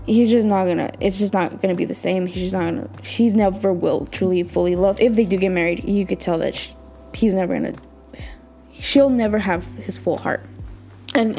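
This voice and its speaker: A woman's voice: mid-range voice, warm tone. Woman podcast host, casual recap, gushes and thinks aloud, light music bed. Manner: gushing fan, thinks aloud.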